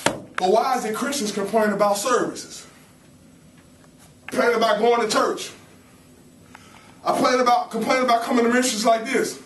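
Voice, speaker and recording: A young man preaching a lively, playful sermon to a campus ministry, calling out questions to his listeners. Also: very high-pitched, moderate pace, long pauses, slight background noise. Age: young adult. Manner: animated, playful, calls to the audience. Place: campus ministry meeting room. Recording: roomy hall, mic at a distance.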